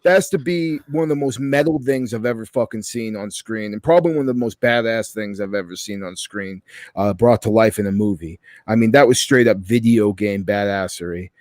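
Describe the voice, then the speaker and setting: A man's voice: on the low side, brisk, darkish tone, dry recording. A man co-hosting a podcast, giving a profane, enthusiastic movie review in casual chat. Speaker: podcast co-host.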